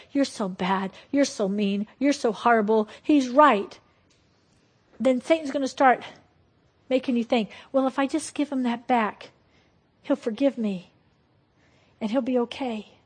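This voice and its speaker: A woman giving a sermon-style Christian teaching. She is emphatic and lively, swinging between loud bursts and quiet asides. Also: fairly high pitch, slightly rough.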